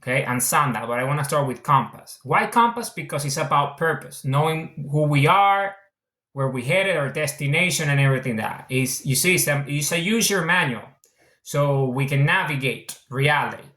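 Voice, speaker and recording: A man's voice: a little high, expressive, moderate pace, pushed and bright, reverberant. A man from Venezuela with a mixed international accent, an author talking casually about his book, earnest and repeating his points. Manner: earnest, repetitive, circles back on his points. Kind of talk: casual explanatory monologue.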